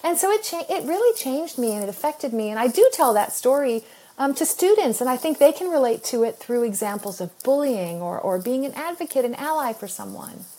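A woman's voice: high voice, a little fast. A middle-aged woman from the United States, an author telling a personal story in an interview with earnest feeling and frequent laughter. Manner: expressive, earnest, laughs often while telling. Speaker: author guest.

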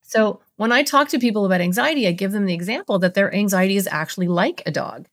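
A woman's voice: mid-range voice, fast talker. A middle-aged woman, a therapist, explaining ideas in a podcast interview and acting out little voices in her examples. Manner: animated, acts out voices in examples.

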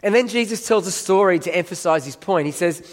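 A man's voice: sits high, a little fast. A man preaching a sermon in a church hall, telling the story emphatically and calling up volunteers from the audience. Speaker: pastor. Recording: long reverb of a large hall.

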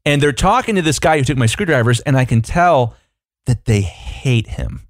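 A man co-hosting a podcast, telling a rambling, animated anecdote in casual chat, full of fillers. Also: mid-range voice, moderate pace, dry recording, clean studio sound. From United States. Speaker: podcast co-host.

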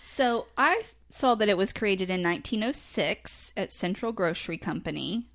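A woman with a Southern US accent, co-hosting a casual podcast chat, chatty and quick to laugh. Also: medium pitch. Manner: chatty, laughs easily, lively. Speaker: podcast co-host.

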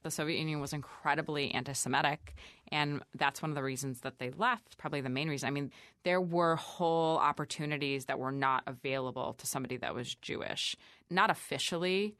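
A woman with a low voice talks through her story in a relaxed interview. She leans on "like" and "you know," and slips into quick voices of the people she quotes. The sound is dry and close, with no room around her. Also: no room sound. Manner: chatty, frequent "like" fillers, quoting others in lively voices. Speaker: chef and restaurant owner, guest. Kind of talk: casual interview conversation.

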